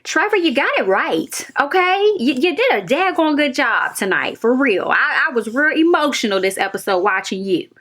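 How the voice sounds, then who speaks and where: Young woman, TV review vlogger, fairly high voice, emphatic, repeats herself, casual chat to viewers. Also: sing-song, moderate pace, few pauses, a bit bright. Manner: emphatic, repeats phrases, talks straight to viewers.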